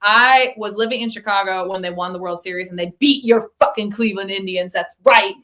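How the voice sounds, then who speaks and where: A young woman, a rock musician, chatting as a podcast guest in a lively, casual way, swearing often and acting out quotes. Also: medium pitch, brisk. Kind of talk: casual interview chat.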